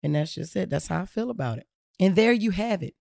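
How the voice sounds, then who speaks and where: A man's voice: sits high, expressive, a little fast, gravelly, darkish tone, no echo, studio quality. A man hosting a podcast, talking bluntly and profanely in a casual monologue. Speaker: podcast host.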